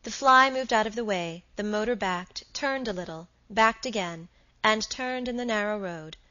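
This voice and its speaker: A woman reads a novel aloud as an audiobook, in a measured and expressive way. Her voice is bright and clear, and the recording sounds slightly dull. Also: mid-range voice, dry recording. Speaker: audiobook narrator. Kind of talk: scripted narration of a novel.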